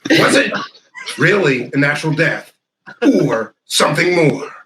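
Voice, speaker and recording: A man's voice: a little high, very animated, measured pace, sharp tone, reverberant, a little hiss or hum, rough recording. A man hosting a podcast, putting on a theatrical, hammy mock news announcer voice. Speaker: podcast host.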